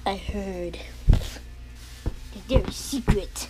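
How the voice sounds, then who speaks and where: A woman's voice: mid-range voice, very slow, noisy background. A young woman making a casual home vlog, playful and jokey, often dropping to a whisper. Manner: playful, jokey, swings between loud and whispering. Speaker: vlogger. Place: at home, partly outdoors. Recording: music playing clearly behind.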